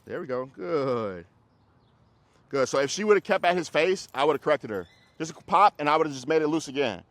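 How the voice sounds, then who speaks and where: A man's voice: a little high, lively intonation, moderate pace, fairly bright tone, no echo. Casual male dog trainer coaching live. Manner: casual, coaching, talks to dogs and handlers. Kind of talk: live coaching during a group class.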